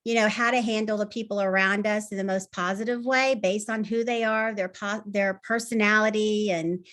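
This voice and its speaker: A woman's voice: medium pitch, steady tone, normal speed, a bit bright. A woman speaking on a video call, earnest and heartfelt. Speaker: guest speaker. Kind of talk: casual personal talk on a video call.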